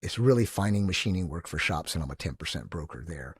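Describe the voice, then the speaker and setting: A man in his sixties, a podcast guest who tells animated, enthusiastic stories and acts out the quotes. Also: low voice, fast talker, husky, dry recording, clean studio sound. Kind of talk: casual storytelling interview.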